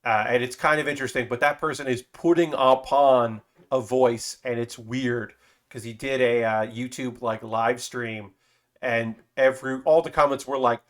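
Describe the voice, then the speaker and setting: Man, live streamer, rambling casual talk, mid-pitched, swears now and then. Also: normal speed. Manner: rambling, loose and chatty, with frequent fillers and casual swearing. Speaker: streamer building a model kit.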